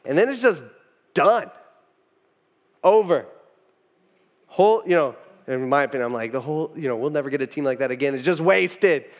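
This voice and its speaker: A man's voice: fairly high pitch, expressive, moderate pace, pauses often, long reverb tail. A man preaching a sermon in a loose, conversational way, full of informal asides and restarts. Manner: informal, rambling with frequent "you know" asides. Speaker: pastor.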